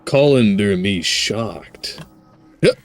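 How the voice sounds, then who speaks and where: A man's voice: lowish voice, expressive, extremely slow, faint music behind. A man giving casual, wry gameplay commentary as host, playfully joking about what he sees. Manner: wry, playful, laughs at the game. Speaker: let's play host.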